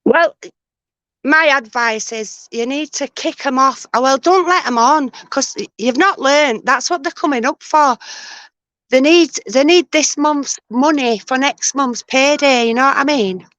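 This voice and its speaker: A woman's voice: sits high, unhurried, a bit bright, no room sound. A woman, a guest on a livestream, talking in a rambling, chatty way with lots of hesitation. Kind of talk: casual chat.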